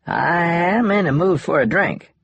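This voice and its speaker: A wry, easygoing guy with a husky low voice that swings freely in pitch as he jokes, read out by a male narrator. The audiobook sound is dry and close. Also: expressive, moderate pace, a bit bright, dry recording, dull audio, exaggerated voice. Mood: relaxed, wry. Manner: laid-back, joking. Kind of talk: audiobook dialogue.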